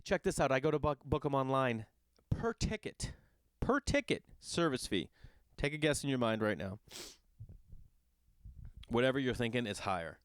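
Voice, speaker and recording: A man who is a father, hosting a podcast and telling a long casual story in an animated, exasperated and profane way. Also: medium pitch, smooth, no room sound. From Los Angeles area. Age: adult with children. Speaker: podcast host.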